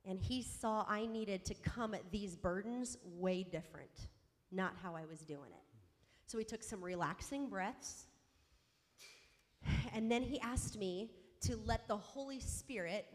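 A mother telling a personal faith story in an animated, self-mocking way, acting out the dialogue. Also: medium pitch, a little slow. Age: adult mother. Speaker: speaker sharing a faith story. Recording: long hall reverb.

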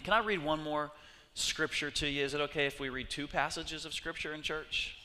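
A man preaching a sermon, telling scripture stories with lively acted-out voices. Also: medium pitch, in a large hall. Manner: animated storytelling, acting out voices of God and people. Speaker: pastor. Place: church sanctuary.

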